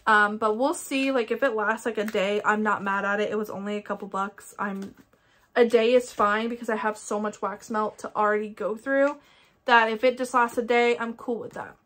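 A woman's voice: mid-range voice, fairly even intonation, moderate pace, a bit bright. A young woman with an Ohio accent, chatting casually and enthusiastically as she reviews scented wax melts. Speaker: candle collector vlogger. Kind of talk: casual product review chat.

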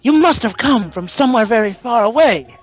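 A man's voice: extremely high pitch, expressive, brisk, faint music behind, pitched above the performer's own voice. A man voicing a wary village elder from a video game in an earnest, ominous tone. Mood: uneasy.

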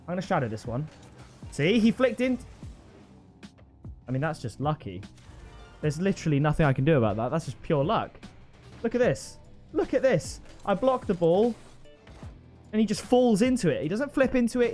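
An excitable young man talks through his own match as he plays, his slightly high voice swinging up and down in pitch. He breaks into loud shouts at big moments, over faint background music. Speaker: gaming channel host. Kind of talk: live gameplay commentary.

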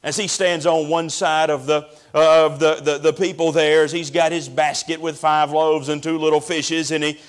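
A man's voice: a little high, little pitch movement. Earnest preacher, man. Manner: earnest preaching, drawn-out emphasis, addresses listeners as friend. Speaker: pastor. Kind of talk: sermon.

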